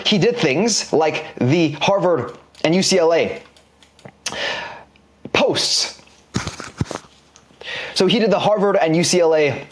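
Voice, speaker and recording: Animated slangy man teaching a course. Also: high-pitched. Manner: animated, slangy, drawing examples on a board. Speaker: online business course instructor. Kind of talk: casual recorded course lecture.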